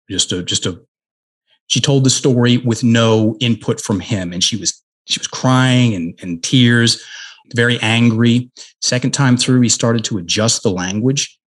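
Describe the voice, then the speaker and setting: A man's voice: mid-range voice, fairly bright tone, slightly rough. A middle-aged man, a guest in an interview, telling a personal story earnestly with frequent restarts.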